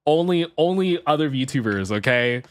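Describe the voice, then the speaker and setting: A man streaming live, chatting casually and telling a story to his chat, jumping into high excited yelps when he gets worked up. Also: moderate pace, smooth, no room sound. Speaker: VTuber streamer.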